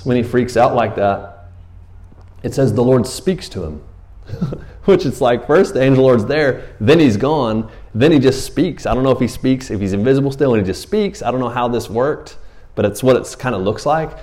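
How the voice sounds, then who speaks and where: A middle-aged man preaching a sermon, telling a story in a casual, animated way with slang and laughs. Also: medium pitch, fairly quick. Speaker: pastor.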